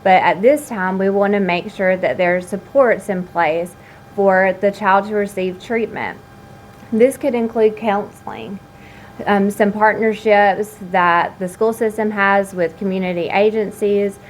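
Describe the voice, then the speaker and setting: A woman host leads a school wellness interview at a measured pace and answers her guest with short affirmations. Her voice sits in a middle register, and a faint noise runs behind it. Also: medium pitch, low-quality recording. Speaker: school student services director, host. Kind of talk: informational interview and presentation.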